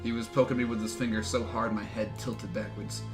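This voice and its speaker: A man streaming a game, reading its story text aloud in an excitable way, often swearing and laughing. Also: lowish voice, brisk, over music.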